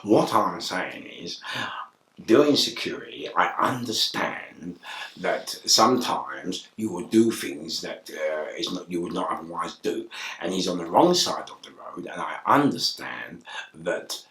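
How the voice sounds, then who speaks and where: A man with a London accent telling an excitable, animated story, laughing and shouting as he goes. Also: sits low, a little slow, reverberant, far from the mic. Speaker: interview guest.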